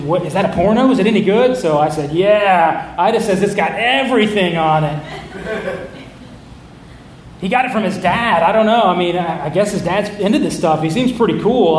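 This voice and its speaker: A man's voice: sits high, a little hiss or hum. A middle-aged man telling a candid, self-mocking personal story in a conversational way. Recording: roomy echo.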